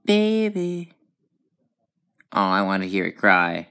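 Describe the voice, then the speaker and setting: A woman chats her way through a video game in casual commentary. Her voice sits unusually deep for a woman, yet it swings around with lively, animated pitch. She rambles and gets excitable, breaking into sudden high outbursts. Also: slow pace, soft background music. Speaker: gaming channel host.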